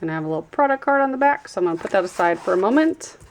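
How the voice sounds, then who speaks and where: A woman talks through an unboxing in a relaxed, chatty way, pausing to read labels aloud. Her voice carries a gravelly rasp at a middle pitch, with crinkling packaging heard now and then. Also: a little hiss or hum. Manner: chatty, trails off while reading labels. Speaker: YouTube vlogger. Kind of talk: casual unboxing chat.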